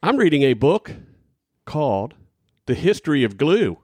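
A man's voice: a little high, very animated, moderate pace, darkish tone, husky, no room sound. A man co-hosting a casual podcast, playful and chatty, reading short quotes aloud. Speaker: podcast co-host. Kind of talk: casual chat.

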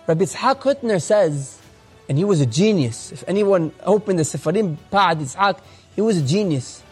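A man's voice: sits high, animated, normal speed, slightly rough, faint music behind. A man earnestly retelling a religious story with emphatic storytelling.

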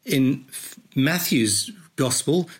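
A man hosting a podcast, teaching conversationally through a Bible passage in a thoughtful, unhurried way, explaining as he reads. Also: medium pitch, lively intonation, breathy edge. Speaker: podcast host leading a Bible reflection.

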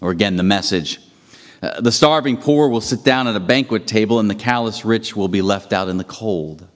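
A pastor preaching in a reverberant hall. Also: male voice, lowish voice, normal speed. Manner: storytelling with restarts and emphatic rising peaks. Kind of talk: sermon.

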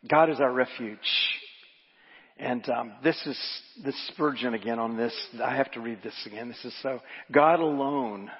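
A man's voice: medium pitch, husky, in a large hall, muffled recording. A man pastor preaching a sermon, reading scripture and quotes aloud and repeating phrases for emphasis. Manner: asks the congregation to repeat lines. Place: church.

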